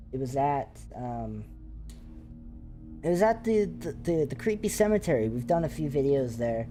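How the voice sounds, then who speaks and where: Rambling man, mellow voice. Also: a little high. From Canada. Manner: rambling, excitable storytelling with many fillers. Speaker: paranormal investigator, channel host. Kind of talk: casual live chat.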